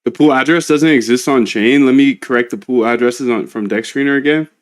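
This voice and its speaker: A man's voice: mid-range voice, fairly quick. A man casually talking through live coding, chatty and slangy, coaching his coding assistant as he goes. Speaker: trading bot developer and streamer.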